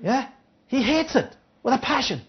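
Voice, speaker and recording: A Bible teacher leads an interactive study and keeps asking listeners to follow along. The delivery rises and falls with animated pitch as the speaker acts out the parable's characters. The recording sounds dull and lo-fi. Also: moderate pace. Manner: checks in with listeners, asking "Yeah?".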